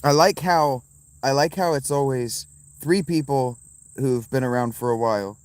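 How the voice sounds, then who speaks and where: Out by a fountain, a man in his fifties streams live from his phone, chatting loosely with his audience and drifting between ideas. He speaks at a normal speed in a mid-range voice that is darkish, clear and resonant, with no echo.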